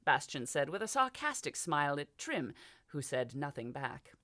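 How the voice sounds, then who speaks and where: A woman's voice: low voice, very animated, moderate pace, a bit bright, dry recording, studio quality. Woman narrating a fantasy audiobook. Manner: voices characters with small shifts. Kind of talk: scripted narration.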